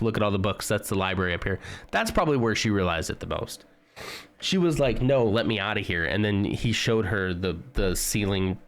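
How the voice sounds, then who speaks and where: A man streaming live, chatting casually and joking with his viewers as he browses. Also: fairly low pitch. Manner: chatty, joking, talks to chat while browsing.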